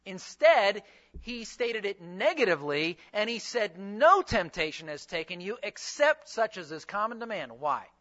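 A man delivers a sermon in a high, bright voice that swings widely in pitch. He teaches by asking his listeners questions. The recording sounds dull and lo-fi. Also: unhurried. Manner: animated preaching with rhetorical questions. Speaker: pastor and seminary teacher.

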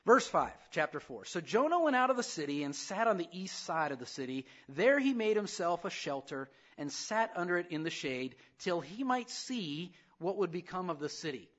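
A man preaching a sermon in an animated way, acting out the voices of the people he talks about. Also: high-pitched, moderate pace, few pauses, muffled recording. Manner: animated preaching, acts out voices, rising to loud emphasis. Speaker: pastor.

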